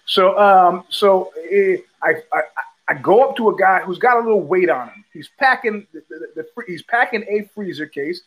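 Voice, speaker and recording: A man's voice: high voice, lively intonation, normal speed, fairly bright tone, husky, rough recording. An older man hosting a podcast, telling a rambling story with many fillers and restarts, acting out the people he quotes. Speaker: podcast host. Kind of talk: casual storytelling monologue.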